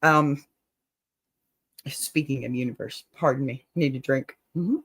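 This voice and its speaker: A woman's voice: extremely low pitch, measured pace, slightly rough, no echo. Playful woman reading an advice letter. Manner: playful, dramatic reading with laughs and asides. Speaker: advice show host.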